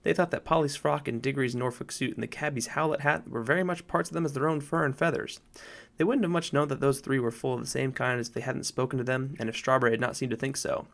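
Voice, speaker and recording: A man narrating a children's storybook in a measured, expressive reading. His voice is of middle pitch with a noticeably gravelly, creaky texture. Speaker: audiobook narrator.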